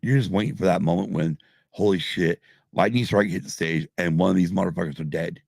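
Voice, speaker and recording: A man's voice: low voice, a little fast, gravelly, a little mellow, husky, dry recording, studio quality. A middle-aged man hosting a podcast live stream, rambling and swearing constantly while drinking. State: drinking, tipsy. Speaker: podcast host. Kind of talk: casual live-stream chat.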